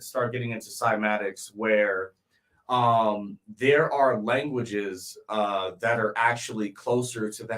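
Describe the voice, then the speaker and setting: A man's voice: medium pitch, a bit bright. A man co-hosting a casual podcast chat, explaining ideas at length with many ums and restarts. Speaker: podcast co-host.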